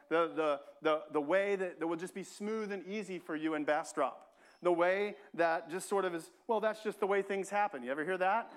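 High-voiced pastor preaching a conversational sermon. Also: male voice. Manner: conversational, repeats himself, frequent "right?" asides. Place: church.

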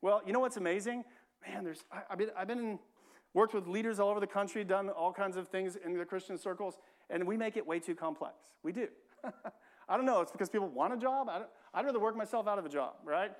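A male pastor delivers a sermon in a church. His voice sits high for a man, and he keeps it loose and conversational, repeating key phrases and tossing in "right?" to check on his listeners. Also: quick pace. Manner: conversational, repeats himself, frequent "right?" asides.

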